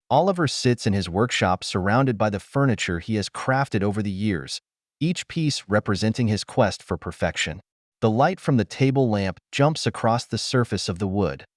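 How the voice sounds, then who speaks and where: A man narrating a dramatic story in an even, unhurried way. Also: fairly low pitch, no room sound, studio quality.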